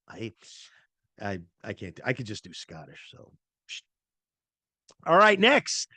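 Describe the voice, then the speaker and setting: A man's voice: mid-range voice, sing-song, unhurried, pauses often, pushed and bright, no echo. A middle-aged man hosting a casual movie talk show, rambling with lots of fillers and self-corrections. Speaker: podcast host.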